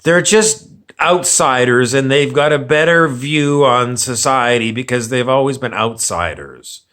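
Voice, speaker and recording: Slow-talking, sarcastic male vlogger. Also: mid-range voice, fairly bright tone. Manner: sarcastic, meandering, repeats himself. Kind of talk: rambling opinion rant.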